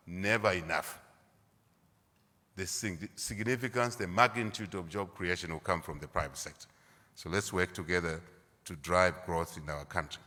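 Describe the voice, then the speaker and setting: Middle-aged Zambian man, very low voice, emphatic formal speech in a reverberant event hall. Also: sharp tone. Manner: emphatic, repeats key phrases for stress. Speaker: government leader.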